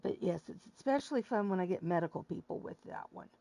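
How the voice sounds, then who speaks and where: A woman's voice: on the low side, lively intonation, fast, creaky, mellow, no echo. A woman hosting a wrestling show stream, chatting casually with her audience in a rambling way and laughing at her own jokes.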